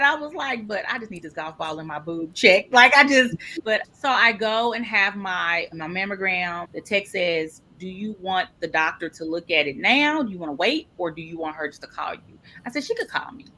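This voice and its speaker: A woman telling a personal story in an interview, lively and expressive, acting out the people she quotes. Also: moderate pace. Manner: animated, acts out quoted people with big pitch jumps. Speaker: podcast guest.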